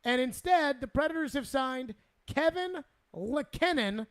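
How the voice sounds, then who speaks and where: A man's voice: very high-pitched, animated, a little fast, fairly bright tone. A man hosting sports talk radio, exasperated and sarcastic, repeating himself as he rants.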